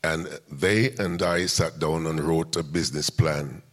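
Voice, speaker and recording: Older male interview guest with a very low voice, telling a long anecdotal story step by step. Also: fairly even intonation, a little slow. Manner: recounts events step by step, acting out quoted dialogue. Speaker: music promoter and interview guest.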